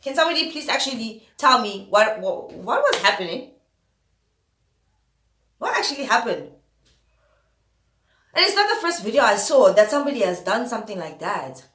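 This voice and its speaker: A high-voiced woman rants straight to camera, her pitch swinging widely as she piles on exasperated rhetorical questions. Her tone is bright and cutting, and the sound rings with a noticeable roomy echo. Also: very animated, normal speed, pauses often. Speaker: vlogger host. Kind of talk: opinion rant to camera.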